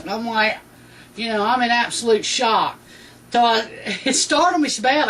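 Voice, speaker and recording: A woman telling a personal faith testimony in a rambling way, full of "you know" fillers. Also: a little high. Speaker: Christian testimony speaker. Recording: distant mic with faint background noise.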